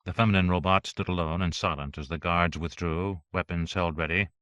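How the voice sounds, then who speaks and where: A man narrating an audiobook in a steady, even reading voice. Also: low-pitched, brisk, no echo.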